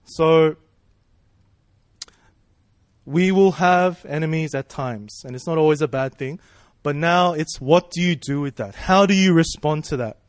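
A man's voice: fairly high pitch, normal speed, few pauses, no echo, clean studio sound. A man preaching a sermon in a casual, conversational way, asking rhetorical questions and checking in with "right?" and "you know".

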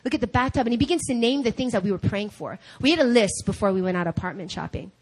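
A woman preaching a sermon at a church service, telling a personal story in an animated way. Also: medium pitch, fast talker. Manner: animated, acts out quoted dialogue.

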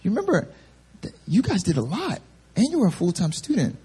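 A patient voice of God, questioning gently and reminding, set slightly higher than usual for a man, as a preacher acts him out in his sermon story. The tone is mellow and a little husky. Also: huge pitch swings, a little fast, heavily acted.

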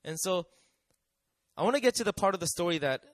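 A man's voice: high voice, animated, quick pace, dry recording. A man preaching a sermon in a conversational way, often asking the audience questions and acting out quotes.

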